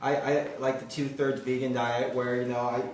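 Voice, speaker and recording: A man's voice: medium pitch, flat delivery, normal speed, darkish tone, slight background noise. A man hosting a casual cooking talk show from his home kitchen, upbeat and chatty with lots of fillers. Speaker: host. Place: home kitchen with live audience. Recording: echoey room, mic far off.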